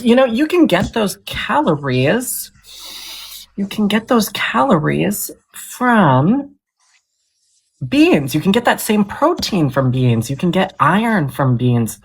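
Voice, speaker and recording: A woman's voice: mid-range voice, very animated, takes it slowly, creaky, breathy edge. A woman hosting a casual live debate with callers, talking in an earnest, insistent, lecturing way. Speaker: livestream debate host.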